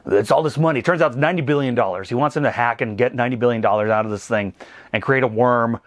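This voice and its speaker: A man in his thirties giving a casual, comedic movie recap, animated and rambling. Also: medium pitch, fast talker, dry recording. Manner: animated, rambling, laughs at his own jokes. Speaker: movie reviewer.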